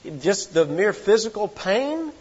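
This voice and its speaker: A man's voice: high-pitched, big pitch swings, darkish tone, breathy edge, long reverb tail, highs cut off. A man preaching an expository sermon, reading scripture aloud and dwelling on key words with dramatic emphasis. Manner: slow, dramatic emphasis with sudden swells.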